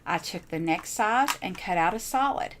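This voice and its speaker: A woman's voice: fairly low pitch, lively intonation, normal speed, noisy background. Chatty woman gushing over crafts. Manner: chatty, gushing, repeats herself. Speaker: crafting channel host. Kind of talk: casual show-and-tell crafting chat.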